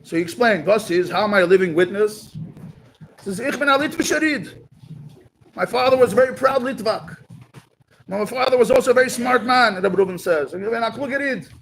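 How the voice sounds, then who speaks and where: A man's voice: sits high, a bit bright, a little hiss or hum, rough recording. A man giving a talk, telling a story at a community gathering and mixing in Yiddish and Hebrew words.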